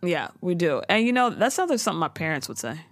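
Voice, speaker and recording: A woman co-hosting a casual chat who recaps a show in a lively, profane way and acts out the quotes. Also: on the low side, fast, no room sound. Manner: animated, profane storytelling with acted-out quotes. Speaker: podcast co-host recapping a TV show.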